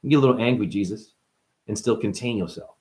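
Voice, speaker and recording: A laid-back rock star Shiva, as a man puts him on talks in easy street slang. The voice drops lower and quieter than the man's own. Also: fast, close to an everyday voice. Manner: casual, slangy, low.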